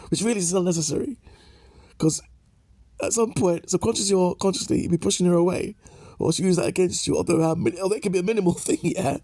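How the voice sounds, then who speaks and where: His voice is high, gravelly and a little mellow, recorded with no echo, as he delivers opinion commentary in a lecturing manner. For emphasis he repeats his points and caps them with "yeah?" or "okay?"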